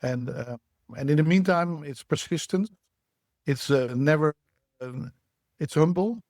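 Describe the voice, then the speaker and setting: A man's voice: on the high side, darkish tone, dry recording. Reflective man, dry sound. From Netherlands. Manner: measured, reflective, halting with restarts. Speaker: guest, startup CEO. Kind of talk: podcast interview.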